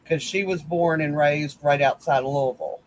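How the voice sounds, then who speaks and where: Man, folksy rambling storyteller, slightly raised pitch, faint background noise. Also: normal speed, low-quality recording. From West Virginia. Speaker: crochet group admin. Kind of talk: casual livestream chat.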